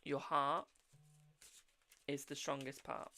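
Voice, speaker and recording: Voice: medium pitch, little pitch movement, slow, bright, forceful tone. A tired, yawning tarot reader with a British accent, hosting a live-stream reading in a blunt but reassuring way, often saying "okay, my darling".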